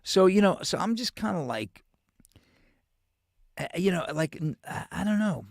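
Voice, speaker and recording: A man's voice: high-pitched, lively intonation, measured pace, gravelly, no room sound, studio quality. A male show host with a New York accent, rambling through a profane, casual monologue full of restarts.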